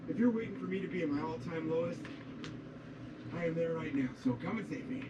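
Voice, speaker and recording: A man's voice: on the high side, brisk, recorded from a distance, close to an everyday voice. An actor playing a desperate, whiny jailed man pleading to be rescued, heard as dull, noisy playback from a series.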